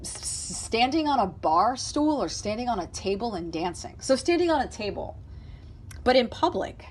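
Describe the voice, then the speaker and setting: A woman's voice: a little high, very animated, moderate pace, slight background noise. A woman giving a casual tarot reading to her viewers, speaking emphatically, repeating her points and talking aloud to spirit. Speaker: tarot reader.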